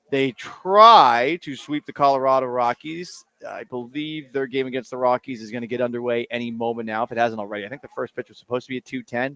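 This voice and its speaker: A man hosting a sports radio show, talking casually with jokes and rambling asides. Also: medium pitch. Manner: animated, joking, rambling asides. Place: radio booth on location.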